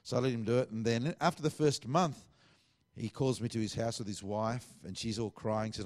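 A man's voice: mid-range voice, fairly even intonation, normal speed. A middle-aged man, preaching a sermon as a pastor and telling a story with lots of quoted dialogue. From Australia.

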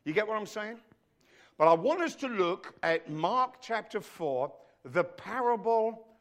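A man preaching a sermon in church as the pastor, emphatic, dropping to a hush and rising to loud, speaking straight to his congregation. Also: high voice, big pitch swings, a little slow. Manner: emphatic, swinging between hushed and loud; addresses the congregation directly.

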